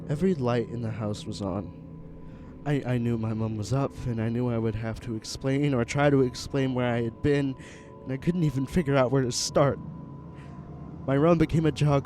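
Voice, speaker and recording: A man narrating a first-person horror story in an earnest, halting way, with small restarts. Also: medium pitch. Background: music.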